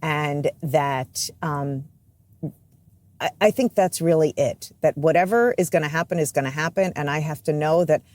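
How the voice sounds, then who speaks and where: Low-voiced woman guest, thoughtful and honest, self-deprecating, dry close sound. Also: moderate pace, darkish tone, no echo. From US East Coast. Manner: reflective, earnest, self-deprecating. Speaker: radio host, guest. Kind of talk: candid interview talk.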